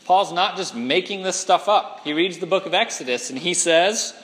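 Emphatic male preacher with lively pitch. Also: normal speed, hardly any pauses, in a large hall, rough recording. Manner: emphatic, asks the congregation questions. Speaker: pastor. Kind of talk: sermon.

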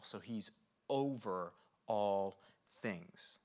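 A man preaching a sermon in a conversational, energetic way, often checking in with his listeners. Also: medium pitch. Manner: conversational, checks in with "okay?" and "right?"; energetic and animated, with quick asides. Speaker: pastor.

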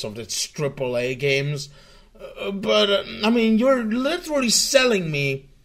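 Profane rambling male streamer. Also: a little high. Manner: profane, rambling, stumbling restarts. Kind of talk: casual ranting stream talk.

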